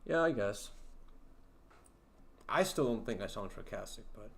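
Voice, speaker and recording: A man hosting a casual livestream, talking slowly in a low-key way with lots of fillers that can come across as sarcastic. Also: lively intonation, creaky, a bit bright. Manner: slow, low-key talk with many fillers, sounds sarcastic. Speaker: livestream host.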